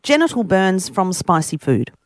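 A woman's voice: lowish voice, sing-song, moderate pace. A woman co-hosting a radio show, telling stories in a blunt, casual manner and laughing often. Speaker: radio co-host.

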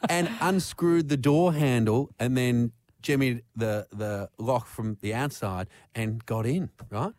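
An Australian man in his thirties, a radio co-host in casual banter, telling a story with lots of acted-out voices. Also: takes it slowly. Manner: animated storyteller who acts out voices in high falsetto.

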